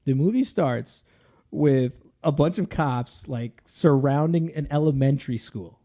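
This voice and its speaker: Male podcast host, slightly high, gravelly voice, casual and animated, rambles and laughs a lot. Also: measured pace. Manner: animated plot retelling with frequent laughs; rambling, with restarts. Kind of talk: casual chat.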